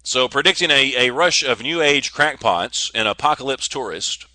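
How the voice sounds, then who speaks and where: A man's voice: medium pitch, animated, moderate pace, bright, forceful tone, no room sound. A man hosting a casual solo podcast, rambling and joking with frequent stammers and restarts. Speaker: podcast host.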